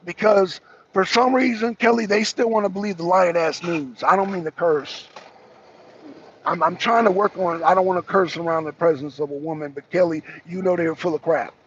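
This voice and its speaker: A political talk show host runs a live stream, chatting casually and animatedly with viewers, greeting them by name, and swearing often. His voice is high and his pace normal. The recording has the highs cut off and a little hiss or hum.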